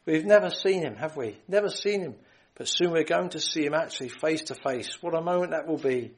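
An earnest male preacher with a slightly raised pitch, pleading with his listeners and quoting scripture in old-fashioned wording. He often repeats and restarts phrases and stops to clear his throat. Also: low-quality recording. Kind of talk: gospel sermon.

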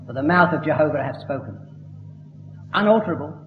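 A man's voice: on the high side, lively intonation, a little fast, music in the background. A man preaching a sermon, emphatic and building to fervent declamation. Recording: echoey hall, dull lo-fi sound.

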